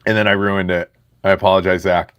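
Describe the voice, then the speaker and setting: A man in his thirties hosting a live card break stream, chatting excitedly with viewers in the chat. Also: low-pitched, fairly quick, clean tone, dull audio.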